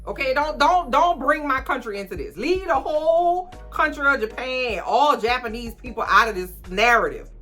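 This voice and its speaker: A woman's voice: sits high, expressive, moderate pace, few pauses, bright, forceful tone, soft background music, pitched above the performer's own voice, heavily acted. A woman voicing an indignant person who scolds others for dragging their homeland into a story. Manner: huffy, exasperated scolding.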